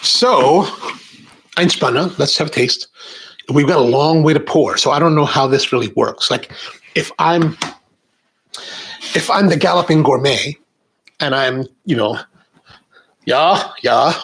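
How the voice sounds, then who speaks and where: A middle-aged American man hosting a coffee video, chatting casually with rambling, animated asides. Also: fairly high pitch, unhurried, long pauses, breathy edge, low-quality recording. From United States. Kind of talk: casual chat to camera.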